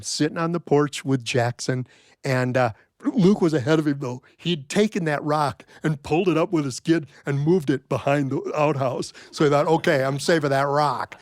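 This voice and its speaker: A middle-aged man telling a folk tale in a wry, folksy, animated way. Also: fairly high pitch, moderate pace, dry recording, studio quality. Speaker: storyteller. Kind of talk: told folk-tale storytelling.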